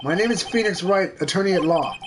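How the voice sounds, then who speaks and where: A woman's voice: fairly low pitch, expressive, a little fast, background noise, lightly acted. A woman voicing a determined young male defense lawyer who argues earnestly, over game music. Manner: earnest, urgent objections.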